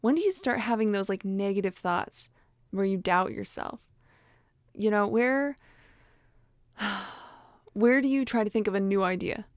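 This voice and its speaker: A woman's voice: medium pitch, lively intonation, measured pace, long pauses, no echo, studio quality. A woman giving a casual motivational talk in a chatty, encouraging way, laughing often and acting out inner voices. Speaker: motivational speaker.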